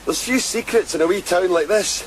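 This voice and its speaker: Man acting kindly scottish weaver, coaxing, plain-spoken, high voice, noisy radio drama recording. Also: normal speed, close to an everyday voice. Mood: gentle concern. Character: Thomas Buchan, a kindly middle-aged village weaver.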